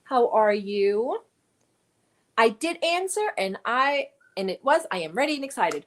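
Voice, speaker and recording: A woman's voice: on the high side, very animated, a little slow, a bit bright. A woman hosting a casual livestream, greeting viewers by name and thanking them as she reads their comments. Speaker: livestream host. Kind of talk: casual chat reading live comments.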